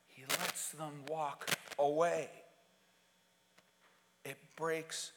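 A man preaching a sermon as pastor to his congregation, slowly and emphatically, with repeated phrases. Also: on the low side, a bit bright. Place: church sanctuary. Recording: long hall reverb in a church.

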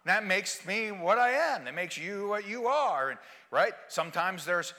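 A man preaching a sermon, swinging from hushed lines to shouted refrains and bantering with his congregation. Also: high-pitched, animated, unhurried. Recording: long hall reverb.

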